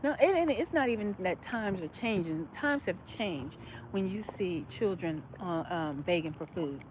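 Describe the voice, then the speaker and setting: A woman's voice: fairly low pitch, lively intonation, normal speed. A woman talking to her followers on a phone vlog while shopping in a store, rambling and repeating herself as she thinks aloud. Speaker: vlogger. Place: inside a store. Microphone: phone held while walking. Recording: tinny phone audio in a noisy store.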